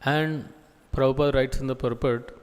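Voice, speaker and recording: A man giving a scripture class as a preacher, talking slowly with many pauses and fillers. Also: mid-range voice, steady tone, clear, resonant tone, big-room sound. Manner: slow, halting delivery with many pauses and fillers. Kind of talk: sermon. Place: temple hall.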